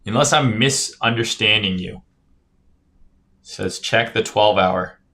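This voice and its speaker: On his crypto chart stream, a tired, yawning man keeps things casual and profane, reads chat messages aloud, and habitually tacks on "right?" His voice is fairly low and bright, forceful, delivered at a measured pace.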